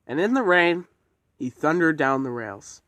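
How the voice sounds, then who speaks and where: Profane amateur narrator, lively, dry mic. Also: male voice, a little high, measured pace, no echo. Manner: rambling and profane. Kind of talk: casual amateur storytelling with swearing.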